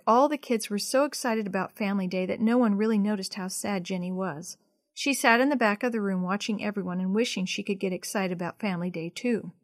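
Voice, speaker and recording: Woman storyteller, children's book reading, expressive, slow and clear, dry close sound. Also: mid-range voice, no room sound.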